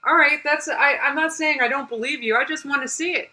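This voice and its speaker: A woman from the United States hosting a live reaction stream, with a bright, forceful voice pitched a little high. She talks back to the clip in exasperation, demands evidence and reads viewer comments aloud between laughs. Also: a little fast, soft background music, rough recording.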